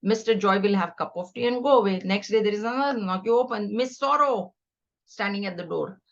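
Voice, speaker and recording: A woman's voice: medium pitch, fairly quick, lo-fi sound. A middle-aged woman giving a scripture class, teaching earnestly and conversationally with stories. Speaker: spiritual teacher.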